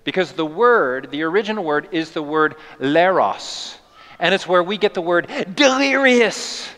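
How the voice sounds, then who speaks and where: A man preaching a sermon as a pastor, telling the story in a lively, playful way. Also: sits high, unhurried. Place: church sanctuary. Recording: long church reverb.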